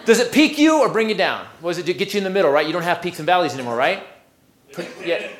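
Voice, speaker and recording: A man's voice: high voice, sing-song, fast, a bit bright. A male stand-up comedian on stage, brash and profane, baiting the crowd. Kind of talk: stand-up routine. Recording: echoey live club recording with crowd.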